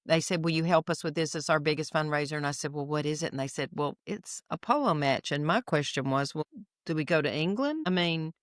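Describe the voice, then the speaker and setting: A smooth, clear voice from a Southern woman in her fifties, recorded close and dry on a podcast mic. She tells her stories in an animated way and acts out the other people in them. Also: deep voice, a little fast, no room sound. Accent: Southern American. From Alabama. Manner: animated storyteller acting out quotes. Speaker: guest. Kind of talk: casual storytelling.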